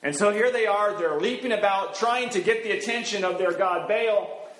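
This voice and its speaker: A man's voice: sits high, normal speed, a bit bright. A man in the role of pastor giving a sermon, teaching from the Bible in a conversational way with frequent fillers. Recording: roomy echo.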